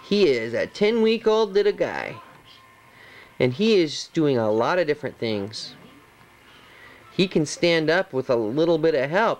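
Slow-talking father cooing at his baby. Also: high voice. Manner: gentle, slow, fond baby talk. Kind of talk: home video narration.

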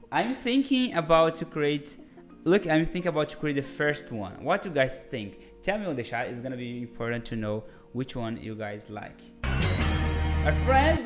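A man hosts a casual live-stream design lesson from a home desk. He talks in a chatty, friendly way, restarting his sentences and calling viewers "my friend". Soft music plays faintly underneath. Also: on the high side.

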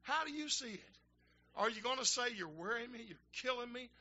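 An older man, a minister telling folksy stories in a sermon that build to shouting fervor. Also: very high-pitched, animated, fairly quick, highs cut off. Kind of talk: storytelling sermon.

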